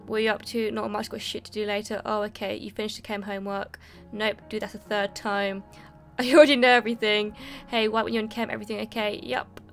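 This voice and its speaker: A woman's voice: mid-range voice, flat delivery, quick pace, few pauses, soft background music. A young woman playing a video game and chatting as she goes, reacting and reading text aloud. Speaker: gaming YouTuber. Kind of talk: let's play commentary.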